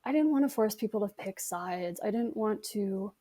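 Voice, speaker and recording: A young woman in an interview recounting a personal ordeal, halting, with restarts and nervous laughs. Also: mid-range voice, expressive, dark tone. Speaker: interview guest recounting abuse.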